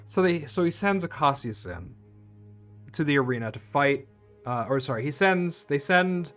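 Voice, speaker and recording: A man's voice: a little high, animated, moderate pace, fairly bright tone, faint music behind. A man recapping a film plot in a casual, profane rant, full of restarts and tangents. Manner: rambling, profane, with many restarts. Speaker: film reviewer.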